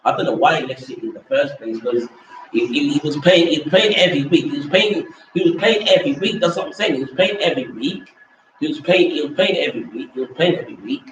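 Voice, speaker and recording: A man's voice: medium pitch, slight background noise. A man hosting a casual football rant, rambling, repeating himself and dismissing players in slang. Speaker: host. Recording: echoey room from far off mic.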